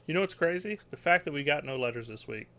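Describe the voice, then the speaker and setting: A man's voice: a little high, animated, fast, pushed and bright. A man hosting a gaming podcast in casual chat, loose and joking, often laughing. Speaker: podcast host.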